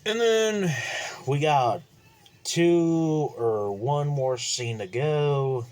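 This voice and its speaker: A man recapping a movie plot casually, rambling and halting with lots of fillers. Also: fairly high pitch, expressive, darkish tone. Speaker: movie reviewer.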